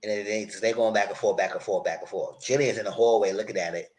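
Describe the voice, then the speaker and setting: A man hosting a casual live recap, retelling scenes in a loose, animated way and quoting the characters as he goes. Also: on the low side, fast, a little hiss or hum. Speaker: TV recap host.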